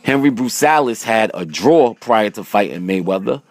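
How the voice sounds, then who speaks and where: Slangy low-voiced man vlogging. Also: lively intonation, normal speed, no echo, clean studio sound. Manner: slangy, direct-to-camera, repeats "man". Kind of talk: casual stats breakdown vlog.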